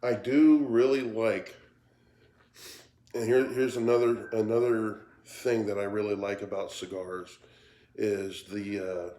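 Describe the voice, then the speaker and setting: A man talking casually in a cigar review vlog, tired and yawning, with a halting way of speaking that repeats words. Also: on the low side, fairly even intonation, mellow. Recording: roomy echo.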